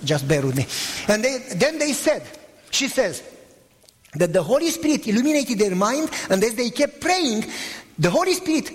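A middle-aged male pastor preaches in a high, lively voice, his pitch leaping up and down as he presses questions on the congregation. His words ring out with a long hall reverb behind them. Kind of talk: sermon.

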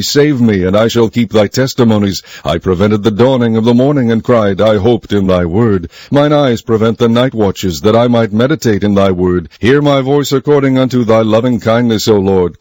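A man giving a solemn, measured scripted reading of scripture. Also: fairly low pitch, darkish tone, no echo. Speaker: scripture reader.

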